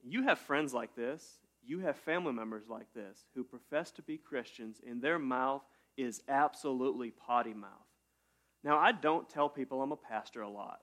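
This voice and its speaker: A pastor with a medium-pitched voice delivers a conversational sermon in church, addressing his congregation as if they were friends. He jokes often and breaks into sudden loud bursts before calming down again.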